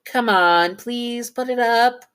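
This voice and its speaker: A woman's voice: lowish voice, normal speed, close to an everyday voice. A woman voicing an eager, affectionate partner character who coaxes and pleads, in a fan fiction reading. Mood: coaxing.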